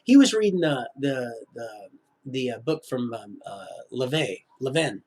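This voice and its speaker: A man telling his life story on a live stream, halting and full of restarts, drifting into preachy religious asides. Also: medium pitch, lively intonation, a little mellow, breathy edge. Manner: preachy, sprinkles in religious talk. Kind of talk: rambling live-stream monologue.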